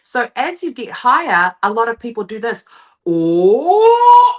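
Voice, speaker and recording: A woman vocal coach explains her method with eager energy in a live show interview. Her voice is bright and forward, and she slips into short sung phrases to demonstrate. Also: on the high side, expressive, fairly quick. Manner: enthusiastic explaining, sings short demo phrases.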